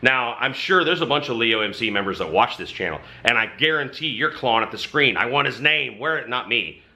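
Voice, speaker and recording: A man's voice: mid-range voice, expressive, fairly quick, sharp tone. A man who hosts a channel and belongs to a motorcycle club, telling a story to camera in casual, emphatic talk with some mild swearing.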